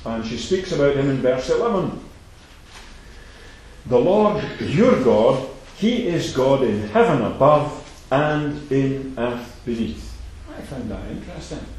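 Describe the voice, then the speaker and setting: A man preaching a sermon, emphatic and repetitive, swinging between loud declarations and soft asides. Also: medium pitch, animated, slow pace, a little hiss or hum. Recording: very echoey hall.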